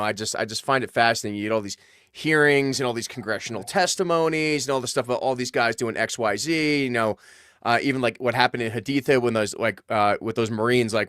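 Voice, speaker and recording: Fast-talking man, dry close sound. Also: mid-range voice, fairly bright tone, smooth, no echo. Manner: fast, restarting, reflective. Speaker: podcast host. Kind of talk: casual interview chat.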